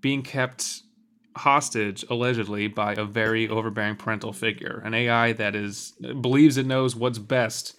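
A man's voice: fairly low pitch, steady tone, moderate pace, a bit bright, clean tone. A man co-hosting a read-aloud show, joking and laughing easily between passages. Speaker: co-host and reader. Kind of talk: casual banter while reading a novel aloud.

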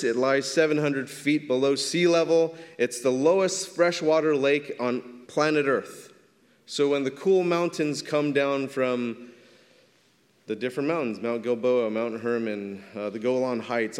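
Male pastor, mid-range voice, relaxed talky sermon delivery, reverberant sanctuary sound. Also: medium pitch. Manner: conversational preaching, frequent "right?" asides. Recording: long reverb of a large hall.

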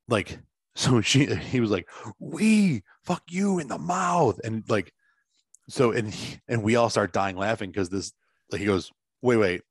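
Dry-sounding low-voiced man telling a story. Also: no room sound. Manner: rambling, filler-heavy storytelling. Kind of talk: casual chat, storytelling. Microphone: video call.

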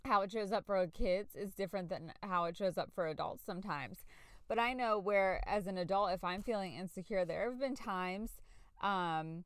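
A woman's voice: mid-range voice, moderate pace, smooth, no echo. A middle-aged woman hosting a personal podcast, speaking candidly and reflectively, searching for words with fillers and restarts. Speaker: podcast host, parent.

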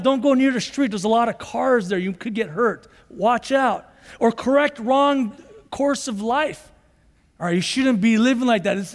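Pastor guy with a really high voice preaching, acts out the lines, big echoey hall. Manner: animated preaching, acts out quoted dialogue. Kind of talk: sermon.

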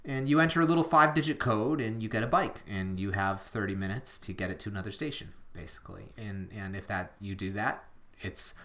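A man's voice: fairly low pitch, brisk, a bit bright. A man co-hosting a podcast, chatting casually in a rambling, self-deprecating way with lots of fillers. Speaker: podcast co-host. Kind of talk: casual chat.

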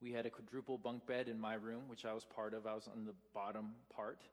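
A man's voice: fairly low pitch, little pitch movement, fairly quick, in a large hall. A man in his thirties preaching a sermon as pastor, telling stories casually with many fillers and restarts.

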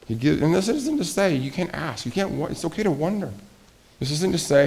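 A man's voice: on the high side, sing-song, brisk, gravelly, a little mellow. A man preaching a sermon as pastor, speaking conversationally, asking the congregation questions and acting out quoted voices.

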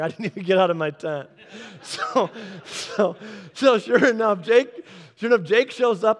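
High-voiced man telling a story in a sermon. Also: a little fast, gravelly. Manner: animated storytelling, acting out quotes in changed voices. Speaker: pastor. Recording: long hall reverb.

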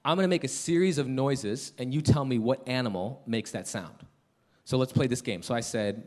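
A middle-aged man preaching a sermon as pastor, dropping to hushed, slow lines and then rising into loud, excited storytelling. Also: medium pitch.

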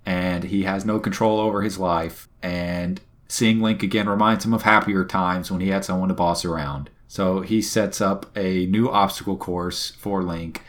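Wry low-voiced man recapping a game. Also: steady tone, moderate pace, hardly any pauses. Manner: wry, opinionated. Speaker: podcast host. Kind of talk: casual chat recapping a video game.

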